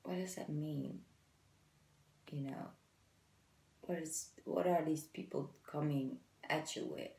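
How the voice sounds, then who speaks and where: Casting: woman tarot reader, low, gravelly tone, chatty and encouraging, echoey room. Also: slow pace, long pauses, darkish tone. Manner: chatty, encouraging, fillers like "you know". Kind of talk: casual tarot reading to camera.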